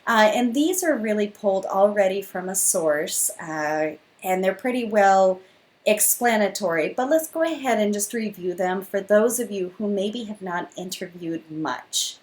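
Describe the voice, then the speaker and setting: A woman's voice: medium pitch, animated, measured pace, darkish tone, rough recording. A woman giving a classroom lecture, explaining step by step and acting out example questions. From not from Liberia.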